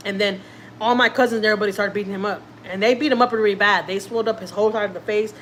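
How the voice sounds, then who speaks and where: A woman's voice: mid-range voice, steady tone, racing, a little hiss or hum. A woman, a family vlogger, telling a personal story casually and acting out what people said, repeating herself often. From Houston, Texas. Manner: chatty, repeats herself, acts out quotes.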